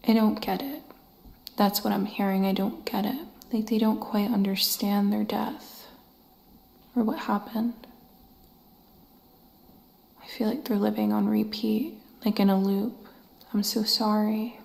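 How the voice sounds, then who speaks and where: A woman's voice: mid-range voice, fairly even intonation, measured pace, vocal fry, long pauses. A woman exploring a building as a paranormal investigator, whispering her emotional reactions to the camera. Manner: hushed, emotional, swearing. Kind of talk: whispered ghost-hunting narration. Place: large old building indoors. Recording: echoey large room.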